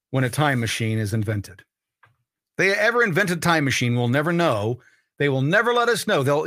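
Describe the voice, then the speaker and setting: Emphatic male podcast host, bright voice. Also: medium pitch, dry recording, studio quality. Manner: emphatic, preachy, repeats for emphasis. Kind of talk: political commentary monologue.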